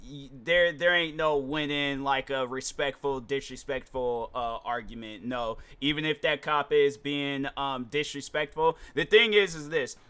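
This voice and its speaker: A man's voice: mid-range voice, measured pace, few pauses, pushed and bright, clean tone. A man hosting his own show, chatting casually and rambling with slang and frequent restarts. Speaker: show host. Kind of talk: casual solo vlog chat.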